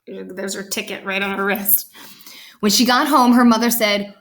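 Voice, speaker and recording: A woman's voice: mid-range voice, steady tone, normal speed, fairly bright tone. A woman reading a children's picture book aloud, chatting about the pictures as she goes.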